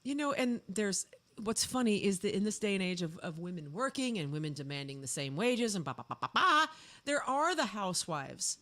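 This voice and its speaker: A woman's voice: mid-range voice, very animated, brisk. A woman co-hosting a livestreamed podcast in a casual chat, easygoing and reading out viewer comments. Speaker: co-host.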